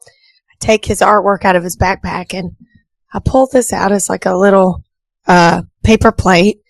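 Animated woman radio co-host. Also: mid-range voice, measured pace, creaky, no echo, poor audio. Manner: animated storyteller, laughs at her own story. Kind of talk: casual morning radio chat, telling a story. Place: radio studio. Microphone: studio microphone.

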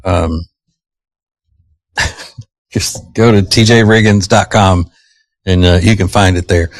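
A radio host man chats loosely, wandering through his thoughts. His voice sits on the low side. It comes across dry and close on a studio mic. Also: dry recording. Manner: rambling, chatty with fillers. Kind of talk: casual radio banter.

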